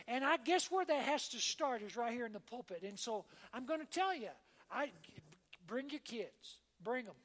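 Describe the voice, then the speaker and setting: Woman pastor preaching, high voice, chatty and folksy, keeps asking amen, long church echo. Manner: conversational preaching, often checking in with "all right?" and "amen?". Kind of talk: sermon. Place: church sanctuary.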